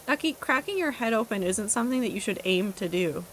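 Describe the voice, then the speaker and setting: A woman's voice: a little high, expressive, fairly quick, fairly bright tone, slight background noise. Chatty woman streamer reading chat. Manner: chatty, rambling, laughs at herself. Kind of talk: casual chat reading live chat while gaming.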